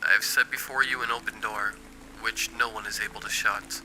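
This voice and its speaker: Give me a bone-tired young guy murmuring over the phone in a low, hushed, hopeless voice, every word drained of fight, as a male narrator puts him on for a spooky storybook reading, with soft music lingering faintly behind. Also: fairly even intonation, a little fast, low-quality recording. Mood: eerie. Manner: hushed, weary, near-whispered. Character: exhausted, despairing young man on the phone.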